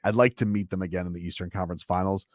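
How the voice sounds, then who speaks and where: A man's voice: low voice, steady tone, very fast, no echo, clean studio sound. A man hosting a sports radio show, bantering brashly and trash-talking rival fans.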